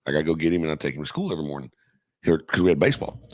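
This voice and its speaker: A man's voice: very deep voice, very animated, very fast, a little mellow, no room sound. A middle-aged man casually telling a profane, laughing story from his youth as a podcast guest.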